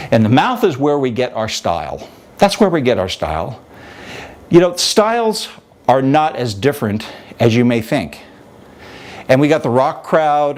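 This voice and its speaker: A man explaining singing technique as a vocal coach, his pitch swinging widely as he talks. His delivery is animated and demonstrative, like a teacher in the middle of a lesson. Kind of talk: instructional talk with vocal demonstrations.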